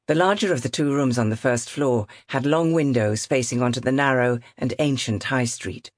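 A woman narrating a novel in a measured, expressive reading. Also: very deep voice, no echo, studio quality. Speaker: audiobook narrator. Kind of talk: scripted narration.

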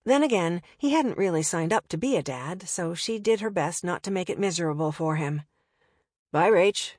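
Woman audiobook narrator, wry, conversational, lowish voice, dry close mic. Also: animated, brisk, darkish tone, dry recording.

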